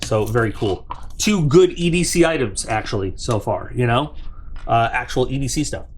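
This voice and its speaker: A man of middling pitch hosts a casual unboxing review and talks straight to his viewers. He rambles in a chatty way, doubles back on himself, and drifts into side remarks before returning to the item in his hands. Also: expressive, moderate pace, a little hiss or hum. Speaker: product reviewer and channel host.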